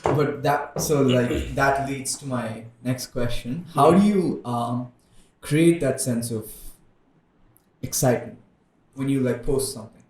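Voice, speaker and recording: A man's voice: medium pitch, unhurried, roomy sound, poor audio. A man co-hosting a casual podcast chat, asking curious questions and laughing a lot.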